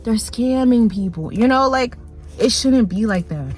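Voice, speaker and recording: A woman's voice: fairly high pitch, expressive, a little mellow. Rambling young woman vlogger, faint music. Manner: rambling, lots of "like", quick laughs and mock voices. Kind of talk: casual rant to camera. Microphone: phone.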